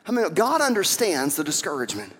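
A man preaching a sermon as pastor, conversational and animated, asking the congregation rhetorical questions. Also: on the high side, fairly quick, a little hiss or hum. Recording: reverberant hall.

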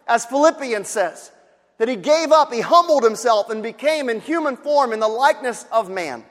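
A man's voice: very high-pitched, lively intonation, moderate pace. A man preaching a sermon, repeating his key phrases for emphasis and acting out the voices of sighing bystanders. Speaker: pastor. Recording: long hall reverb.

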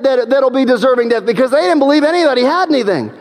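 A man's voice: very high-pitched, animated, fast, few pauses. A man preaching a sermon, retelling a story with dramatic voices for its characters. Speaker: pastor. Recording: long hall reverb.

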